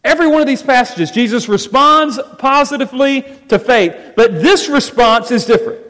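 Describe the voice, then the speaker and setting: A man preaching a sermon as pastor, with animated emphasis that rises and falls as he drives his points home. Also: extremely high pitch, moderate pace. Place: church sanctuary. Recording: long reverb of a church hall.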